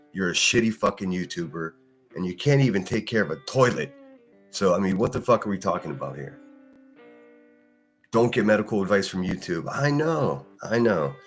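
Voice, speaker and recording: A man with a very low voice, cursing and ranting as he hosts a solo podcast stream. He talks heatedly and answers viewers' chat comments between tirades. Soft guitar music plays quietly underneath. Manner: profane, heated, combative. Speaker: live-stream podcast host.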